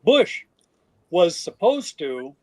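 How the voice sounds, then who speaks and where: An older man, a guest in an interview, telling stories in a lively way and acting out what others said. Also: high-pitched, extremely slow. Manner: animated, acts out quoted voices. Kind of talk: storytelling interview.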